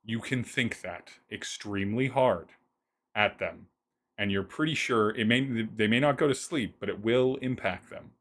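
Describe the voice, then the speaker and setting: Low-voiced man narrating as game master. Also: a bit bright. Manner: descriptive, halting, with many restarts.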